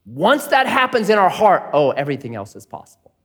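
Man, middle-aged, pastor preaching, high voice, very lively pitch, loud playful bursts and hushed earnest asides. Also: brisk. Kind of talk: sermon.

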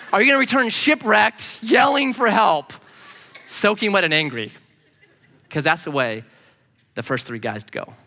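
Animated high-voiced man preaching in hall. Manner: animated storyteller, acts out voices. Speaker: pastor. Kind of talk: sermon with personal story.

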